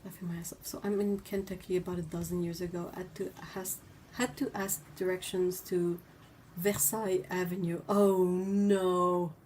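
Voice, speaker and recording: Chatty woman hosting a livestream, lowish voice. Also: little pitch movement, normal speed, hardly any pauses, warm tone, a little hiss or hum. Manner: chatty, reads viewer comments aloud. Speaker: livestream host. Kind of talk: casual livestream chat.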